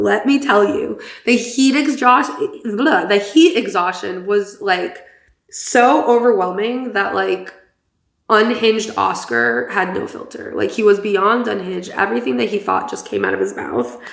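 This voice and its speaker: Gravelly-voiced gossipy woman podcast host. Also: mid-range voice, a bit bright. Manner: chatty and gossipy, swears, many fillers. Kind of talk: casual chat. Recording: roomy echo.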